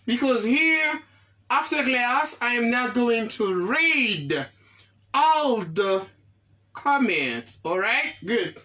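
A woman's voice: on the high side, lively intonation, extremely slow, bright, forceful tone. A woman teaching an English lesson, repeating words often and checking that the class understands.

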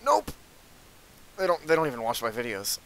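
A man's voice: medium pitch, wildly swooping pitch, moderate pace, gravelly, fairly bright tone, poor audio. A young man hosting casual gameplay commentary, teasing his co-player with joking banter. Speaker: channel host.

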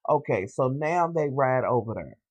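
A man's voice: medium pitch, moderate pace, slightly rough, dry recording, lo-fi sound. A young man, animatedly recapping a TV episode in casual slang, swearing freely and talking straight to his viewers. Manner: animated, sassy storytelling with slang and asides to viewers. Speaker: TV show reviewer.

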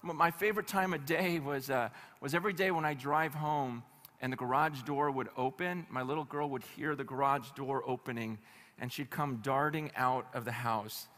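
A male pastor preaching at a conference, telling stories in an animated, conversational way with humor. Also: mid-range voice, moderate pace. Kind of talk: conference sermon. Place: live conference hall.

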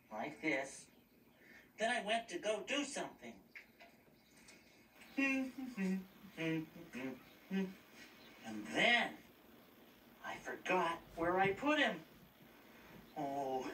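A man voicing Big Bird, a gentle childlike giant bird, telling a story in a sing-song, wondering way in a children's TV puppet show. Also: sits high, slight background noise, heavily acted. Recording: clip played back from far off in an echoey room.

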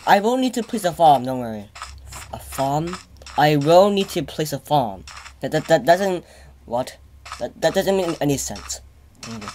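A man giving let's play commentary, stammering and repeating himself as he gets excitable. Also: on the high side, measured pace, slight background noise. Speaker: gaming channel host.

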